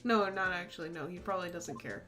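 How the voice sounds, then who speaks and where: A woman's voice: lowish voice, fast talker, a bit bright, faint music behind. A woman giving casual, chatty commentary while playing a game, laughing often. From United States. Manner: giggly, chatty. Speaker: let's play host.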